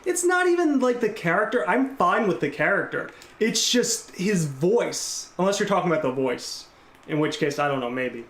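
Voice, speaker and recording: A man's voice: high voice, very animated, moderate pace, fairly bright tone, reverberant. A man giving live, rambling gameplay commentary and chatting casually with his viewers. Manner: rambling, casual, reads and answers chat. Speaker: gameplay streamer.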